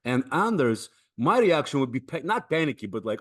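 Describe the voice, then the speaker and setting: A man's voice: medium pitch, moderate pace. Man host telling a story. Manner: lively storytelling. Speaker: podcast host. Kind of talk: casual podcast conversation.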